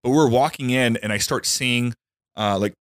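A man in his thirties from New Mexico, chatting on a comedy podcast and telling stories with lively quoted voices. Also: normal speed, smooth, dry recording, studio quality. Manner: animated storyteller, jumps high when quoting himself. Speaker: podcast host. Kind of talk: casual comedic chat.

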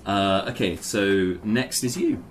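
A man's voice: fairly low pitch, big pitch swings, takes it slowly. A man narrating as game master, hesitant and full of restarts. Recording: noisy home recording.

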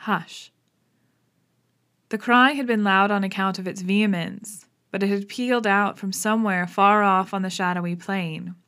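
A woman narrating a classic novel in a steady, suspenseful storytelling manner. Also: medium pitch, normal speed, hardly any pauses. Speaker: audiobook narrator. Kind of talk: dramatic audiobook narration.

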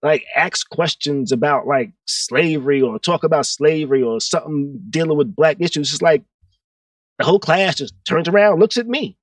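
An easygoing man with a slightly higher voice tells stories in casual chat, repeating words as he works out his thoughts. He sits some distance from the mic, and the sound is dry with no echo. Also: normal speed. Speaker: podcast co-host.

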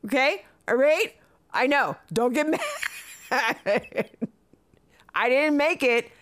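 A woman's voice: high voice, expressive, unhurried, a bit bright. A woman in her late thirties giving casual commentary as a vlogger, blunt and profane, often breaking into laughter between remarks. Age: late 30s.

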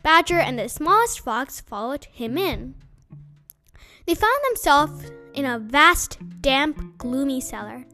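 Woman storyteller, high bright voice, lively reading, slow pace, faint music behind. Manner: slow, expressive.

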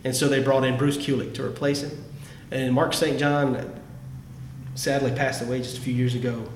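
A male podcast host with a mid-range voice speaks at a moderate pace, his pitch barely moving. In a casual, enthusiastic music chat about favorite songs, he often begins sentences again. Echo and faint background noise come through in the recording.

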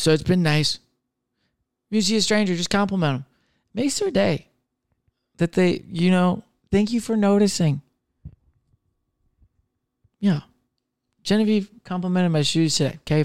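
A man's voice: high voice, a little fast, clean tone, no echo, studio quality. A young man hosting a comedy podcast on his own, chatting loosely, rambling, swearing freely and laughing at himself. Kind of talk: casual solo chat.

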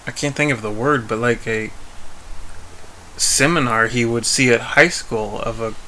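A man talking casually on a rewatch podcast, his voice bright and forward. He laughs often and stumbles through restarts as he hunts for words. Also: mid-range voice, steady tone, unhurried, slight background noise, poor audio. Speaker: podcast co-host. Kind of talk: casual chat, rewatch commentary.

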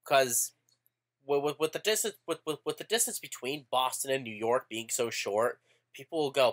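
A man co-hosts a casual podcast with animated, opinionated talk and offhand swearing. His mid-pitched voice swings widely up and down. He sounds blunt and sure of his views. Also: normal speed. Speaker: podcast co-host.

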